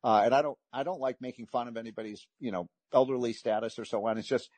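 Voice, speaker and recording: A man's voice: mid-range voice, steady tone, fast talker, darkish tone, no room sound. A man hosting a talk radio show, delivering an emphatic, frustrated political monologue with frequent restarts.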